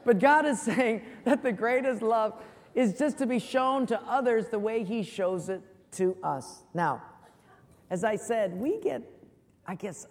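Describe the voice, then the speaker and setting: A man preaching a sermon as pastor, lively and storytelling. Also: sits high, long reverb tail. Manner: animated storyteller, acts out voices in jokes. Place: church.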